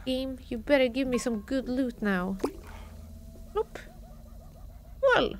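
Bubbly, high-voiced woman streamer. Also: sing-song, takes it slowly, noisy background. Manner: chatty, reacts aloud to the game. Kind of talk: live gameplay commentary.

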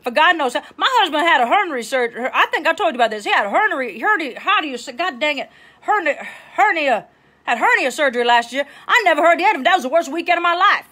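A woman's voice: high-pitched, expressive, very fast, few pauses, sharp tone. A woman playing a brassy middle-aged Southern advice-show host with a Louisiana accent, chatty and bossy, wandering off on tangents. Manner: chatty, bossy, tangents, keeps asking okay. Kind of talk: improv comedy livestream.

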